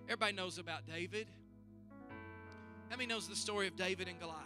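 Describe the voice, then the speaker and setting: A man preaching a sermon as pastor, building to loud, fervent calls and asking the congregation to answer back. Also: high-pitched, fast talker, over music. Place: church service.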